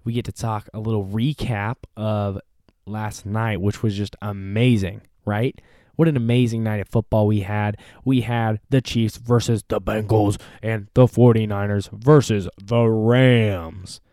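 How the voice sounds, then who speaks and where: A young man hosting a casual sports talk show, energetic and rambling, with many fillers and restarts. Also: fairly low pitch, a little slow, dry recording, studio quality. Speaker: podcast host.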